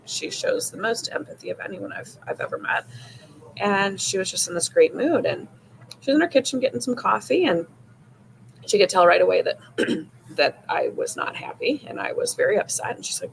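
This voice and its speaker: A woman's voice: fairly low pitch, lively intonation, moderate pace, vocal fry, slight background noise, low-quality recording. A woman hosting a podcast, telling a personal story casually with many "like"s and "you know"s. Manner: casual, frequent "like" and "you know", retelling with rising emotion. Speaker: podcast host.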